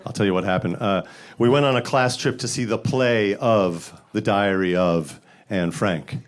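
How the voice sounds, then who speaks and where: A man from the Bronx, performing a stand-up comedy set with deadpan setups and sudden loud punchlines. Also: fairly low pitch, normal speed. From the Bronx, New York. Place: comedy stage with live audience.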